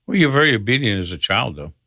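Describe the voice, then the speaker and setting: A man's voice: fairly low pitch, big pitch swings, fast, pushed and bright. An older man chatting casually with his family on a podcast, making dry, matter-of-fact remarks. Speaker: guest, host's father.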